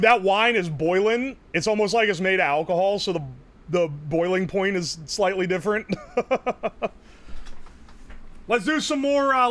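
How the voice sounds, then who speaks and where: A young man from the United States chatting casually on a live stream, rambling, excitable and swearing freely. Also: high voice.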